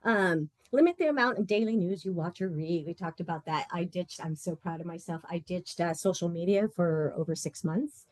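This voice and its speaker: A woman's voice: fairly low pitch, moderate pace, hardly any pauses, a little mellow, no echo. A woman leading a support group session in a casual, playful and blunt way, laughing often.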